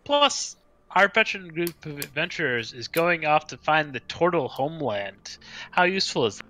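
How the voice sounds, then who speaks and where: A man's voice: on the high side, sing-song, normal speed, bright, forceful tone. A man playing a tabletop role-playing game, trading quippy lines with the table. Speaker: player. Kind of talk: tabletop role-play banter.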